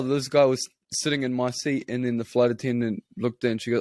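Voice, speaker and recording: A man's voice: mid-range voice, fairly even intonation, a little fast, hardly any pauses, a little mellow, no echo. A man with a New Zealand accent telling rambling, profane, self-mocking stories as a podcast co-host. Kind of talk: casual storytelling.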